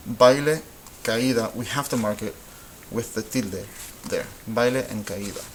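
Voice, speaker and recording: A man's voice: fairly low pitch, a little slow, a little hiss or hum, poor audio. A man teaching a casual Spanish lesson, thinking aloud as he goes, with frequent ums and restarts. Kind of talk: casual classroom-style lesson.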